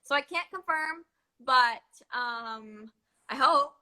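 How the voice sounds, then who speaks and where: Young woman gushing about her show, highish bright voice, says like a lot. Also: slow. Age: young adult. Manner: chatty, lots of "like" and "um", laughs often. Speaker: actress guest. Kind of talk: casual interview chat.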